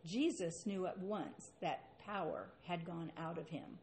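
Slow-speaking woman preaching a sermon. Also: on the low side, darkish tone, a little hiss or hum. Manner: slow, earnest delivery with rhetorical questions. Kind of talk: sermon with scripture reading.

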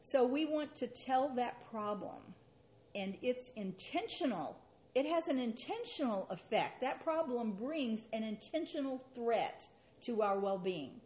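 Slow-speaking woman preaching a sermon. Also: fairly high pitch, lively intonation, darkish tone. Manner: slow, earnest delivery with rhetorical questions. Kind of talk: sermon with scripture reading.

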